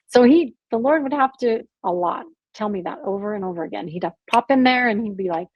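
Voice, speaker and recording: A woman's voice: mid-range voice, lively intonation, quick pace, few pauses, no echo. A woman guest on a faith podcast, telling her story earnestly and animatedly, with lots of "like" in her speech. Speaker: podcast guest, abuse survivor. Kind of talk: candid faith podcast conversation.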